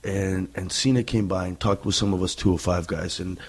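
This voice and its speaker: A young adult man, a guest on a podcast, who talks in a reflective, self-deprecating way with many halting restarts. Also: low-pitched, steady tone, breathy edge. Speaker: guest wrestler. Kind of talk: casual interview talk.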